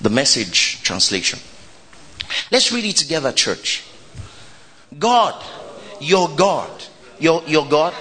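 A man preaching a lively sermon, calling out to the congregation, shouting and laughing as he goes. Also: a little high, takes it slowly, long pauses. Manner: exuberant preaching, shouting and laughing, call and response. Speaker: pastor.

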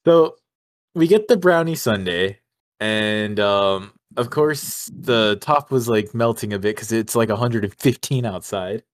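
A young man co-hosting a podcast, telling a story in casual chat with animated energy, frequent laughs and casual swearing. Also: on the low side, unhurried. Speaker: podcast co-host.

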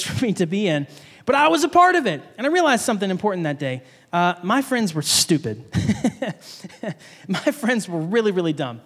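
A man's voice: high voice, fairly bright tone. A man giving a sermon, telling a story from his childhood and laughing often as he talks. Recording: long hall reverb.

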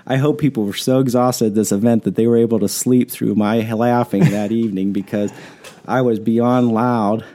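Guy on a podcast cracking himself up telling stories, relaxed mellow voice. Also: mid-range voice, moderate pace. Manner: laughing, animated storyteller. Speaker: podcast co-host. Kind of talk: casual podcast chat.

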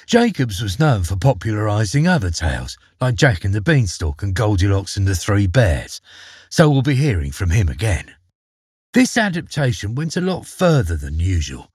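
A man narrating a folk tale in a playful, expressive storytelling manner. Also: lowish voice, moderate pace, breathy edge, no room sound, clean studio sound.

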